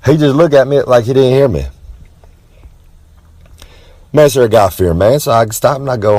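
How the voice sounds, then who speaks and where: A man's voice: medium pitch, warm tone, dry recording. A man, a wrestler, tells a rambling comic story in a brash, boastful way and talks about himself in the third person. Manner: swaggering, with drawn-out dramatic emphasis.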